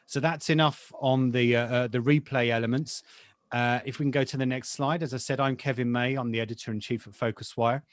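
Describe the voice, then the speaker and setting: A man's voice: mid-range voice, steady tone, a little fast, no echo. Man hosting an online webinar. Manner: chatty, with frequent fillers. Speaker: webinar host, editor-in-chief. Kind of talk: moderating a business webinar.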